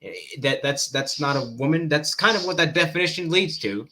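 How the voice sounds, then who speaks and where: A man commenting on a debate clip in casual chat, thinking aloud, halting and repeating words as he goes. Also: fairly high pitch, sharp tone.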